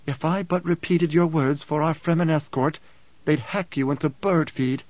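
A man's voice: a little high, moderate pace, dry recording, pitched above the performer's own voice, lightly acted. Man doing a fierce, scornful teenage girl. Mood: defiant. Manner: defiant, snapping, scornful. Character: fierce proud teenage girl, sharp-tongued. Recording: dull dry close recording.

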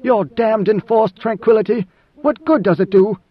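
A man's voice: sits high, moderate pace, voice pushed up. A man doing a tense swordsman, blunt and challenging, pushing back in short retorts. The voice sits a little raised in an audiobook reading with a dull, lo-fi sound. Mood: defiant. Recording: dull lo-fi recording.

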